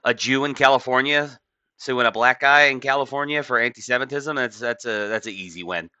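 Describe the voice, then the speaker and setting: Apparently just woken up, a commentator reads a news article aloud in an offhand, rambling way full of fillers. His mid-pitched voice is brisk, bright and forceful with a clean tone, though the dry recording comes through a dull mic.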